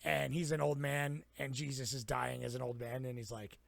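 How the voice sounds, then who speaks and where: A man's voice: medium pitch, level tone, normal speed, vocal fry, fairly bright tone. A man co-hosting a podcast, chatting casually about a film in a laid-back way, laughing often and trailing off. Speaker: podcast co-host.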